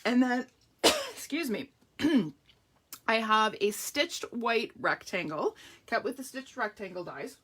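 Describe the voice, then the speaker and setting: A woman's voice: a little high, big pitch swings, slow, a bit bright, breathy edge. A woman leading a live card-making demonstration, chatting to viewers with a catch in her throat. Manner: chatty, greets viewers by name. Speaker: papercraft demonstrator.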